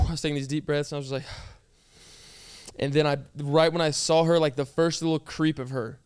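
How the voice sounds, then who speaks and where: A young man tells a story in a relaxed, rambling way, full of "like" and "I was like." His voice sits a bit high and sounds clean and smooth. The recording is close and dry, with no room sound. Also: normal speed, dry recording. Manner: chatty storytelling with many fillers. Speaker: groom. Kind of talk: casual chat.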